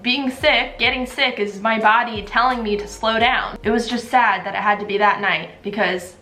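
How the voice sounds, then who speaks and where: Bright, high-voiced woman vlogging. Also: steady tone, moderate pace. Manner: chatty and upbeat, with a few restarts. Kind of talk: casual vlog talk to camera. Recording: echoey room with faint music.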